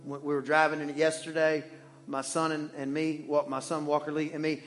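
A man preaching a sermon in church as the pastor, animated and joking, swinging between loud and hushed. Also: on the high side, brisk.

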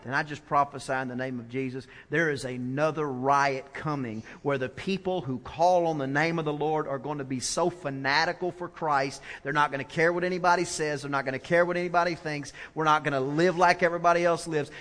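A man preaching a sermon in a church, swinging from hushed, slow lines to loud, emphatic ones. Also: fairly high pitch. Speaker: pastor. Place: church sanctuary. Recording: church hall with long reverb.

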